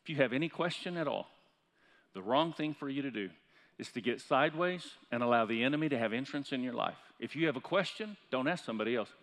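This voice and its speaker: A pastor preaching a sermon in a church, building up to loud, impassioned peaks. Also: male voice, medium pitch, animated, fast talker. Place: church sanctuary. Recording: church hall reverb.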